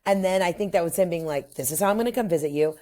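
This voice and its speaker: A woman comedian joins a podcast as a guest. Her voice sits a little low for a woman. She tells stories with plenty of energy and slips into the voices of the people she quotes. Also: racing. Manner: animated storyteller who acts out quoted voices. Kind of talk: casual podcast chat.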